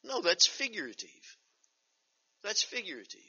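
Older guy pastor teaching bible study, bright voice, reads verses real slow and emphatic, dull lo-fi sound. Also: high voice, sing-song, breathy edge. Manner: reads scripture slowly and emphatically, with chatty asides. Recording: dull lo-fi recording.

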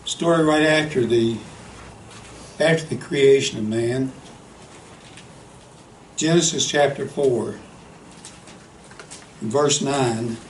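Male preacher, unhurried earnest storytelling, reverberant church hall, faint room hum. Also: mid-range voice. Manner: slow, earnest storytelling with frequent "you know". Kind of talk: sermon. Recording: echoey hall, faint ambience.

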